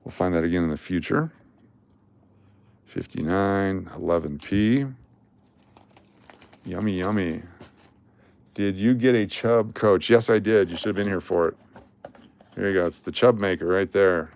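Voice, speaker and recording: An older man live-streams his coin collecting, chatting casually and joking as he sorts coins and calls out their dates and mint marks. His voice is low, unhurried, and darkish, with vocal fry and frequent pauses.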